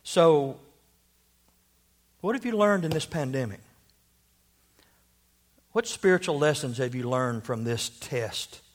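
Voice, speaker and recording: A man's voice: medium pitch, expressive, takes it slowly, long pauses. A man preaching a sermon, telling a story and asking rhetorical questions.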